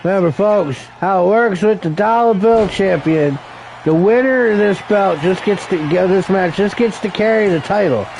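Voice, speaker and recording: A man's voice: high voice, moderate pace, vocal fry, darkish tone, slight background noise, rough recording. Crude joking wrestling commentator, man. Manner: crude, joking, rambling, calls people brother. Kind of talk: profane play-by-play commentary.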